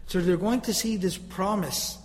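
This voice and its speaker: A man's voice: high-pitched, moderate pace, big-room sound, poor audio. A man teaching Quranic grammar, emphatic and asking rhetorical questions, often repeating himself. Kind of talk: explaining Quranic grammar to listeners.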